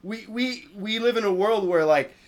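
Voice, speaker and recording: A young man talks casually, rambling from one thought to the next with plenty of profanity. His voice sits slightly high for a man, and he laughs through much of what he says. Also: moderate pace. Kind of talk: casual chat.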